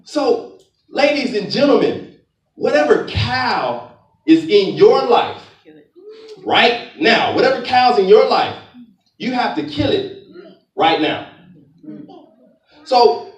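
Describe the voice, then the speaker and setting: High, lively man in an echoey hall. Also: takes it slowly, long pauses, far from the mic. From Florida, US. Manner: preacher-like, calls out to the audience. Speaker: motivational speaker. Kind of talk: live motivational talk. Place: large conference auditorium. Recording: echoey hall, speaker off-mic.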